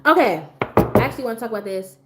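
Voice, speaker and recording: A woman's voice: on the high side, lively intonation, fast, heavy background noise. A woman hosting a casual livestream, laughing often as she tells stories and answers her chat. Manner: laughs often, talks straight to chat, storytelling. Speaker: livestream host.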